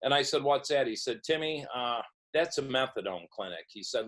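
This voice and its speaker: A man's voice: medium pitch, animated, moderate pace, a bit bright, low-quality recording. Middle-aged man telling a vivid story. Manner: storytelling, acts out quoted dialogue. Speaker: podcast guest. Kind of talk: recovery story told in an interview.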